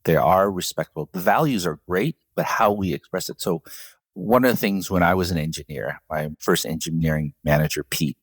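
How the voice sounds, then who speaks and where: A man with a very low, husky voice talks through an interview, telling stories from his career and laughing now and then. The sound is close and dry. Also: moderate pace, no room sound. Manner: storytelling, animated when quoting others, laughs often. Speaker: CEO of a professional association, guest. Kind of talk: conversational interview answers.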